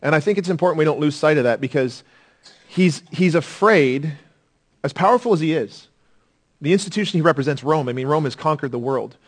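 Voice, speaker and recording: A man preaching a sermon as pastor, earnest and dynamic, swinging from loud emphasis to hushed intensity. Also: fairly high pitch, animated, a little fast.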